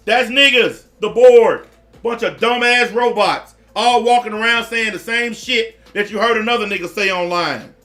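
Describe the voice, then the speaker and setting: A man's voice: sits high, normal speed, sharp tone, soft background music. A man giving blunt, profane reaction commentary in a repetitive rant.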